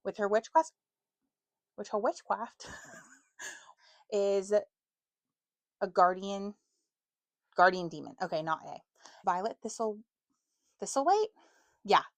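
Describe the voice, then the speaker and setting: A woman's voice: mid-range voice, expressive, takes it slowly, pauses often, no room sound. Chatty young woman with a dry voice. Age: 20s. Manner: chatty, self-mocking, stumbles over words. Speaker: book vlogger. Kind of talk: casual chat to camera.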